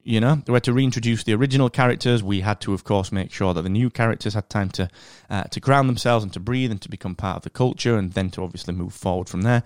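A man with a Northern English accent hosting a podcast, chatting in an animated, rambling way with plenty of fillers. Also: lowish voice, fast talker, few pauses, clean tone, dry recording, clean studio sound. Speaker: podcast host. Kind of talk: casual podcast monologue.

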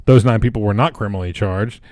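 A man's voice: fairly low pitch, fast, a little mellow, dry recording, studio quality. A man co-hosting a casual talk show, reading odd news items with jokes and stumbling over names, tired. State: tired, holding back yawns. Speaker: radio co-host.

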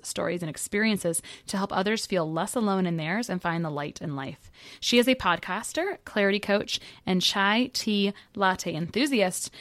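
A woman's voice: medium pitch, a bit bright, no echo, clean studio sound. An American woman hosting a podcast interview, chatty and giggly, who wanders into side notes. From United States. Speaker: podcast host. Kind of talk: casual conversational interview.

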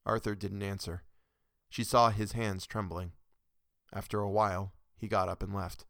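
A man narrating a short story in a steady, measured reading. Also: on the low side, creaky, dry recording, studio quality.

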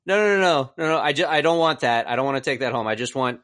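A man co-hosting a podcast, telling a story in an exasperated, animated rant and mocking the people he quotes. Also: medium pitch, fast. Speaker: podcast co-host.

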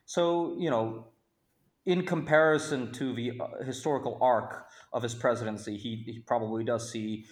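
A Brooklyn, New York man comments as a panel guest in a mid-range, steady-toned voice. His delivery is halting and full of restarts, yet grows emphatic on key points.

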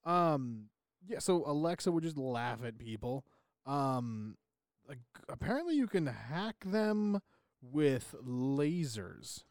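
A man's voice: mid-range voice, very animated, slow, a little mellow, no echo, clean studio sound. A young man co-hosting a podcast in casual chat, rambling and joking with lots of fillers and restarts. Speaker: podcast co-host.

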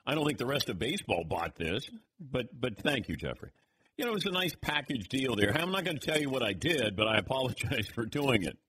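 A man hosting a sports talk radio show, taking callers and reacting with lively opinions. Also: brisk, slightly rough. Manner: animated, swings pitch widely.

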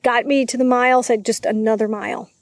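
A woman's voice: fairly high pitch, steady tone, fairly quick. A woman telling a personal story in a casual interview. She acts out the voices of people she quotes. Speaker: guest.

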